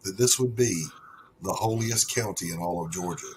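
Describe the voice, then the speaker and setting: A man's voice: low-pitched, moderate pace, a little hiss or hum, poor audio. A middle-aged man hosting a casual stream chat, telling stories loosely and swearing freely. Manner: laid-back storyteller, swearing freely. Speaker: stream host.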